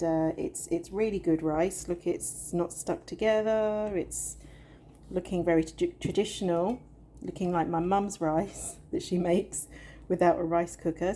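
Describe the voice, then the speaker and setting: A woman's voice: on the low side, dark tone, a little hiss or hum. A middle-aged woman giving a chatty cooking demonstration from her home kitchen, talking straight to the viewer. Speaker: cooking vlogger.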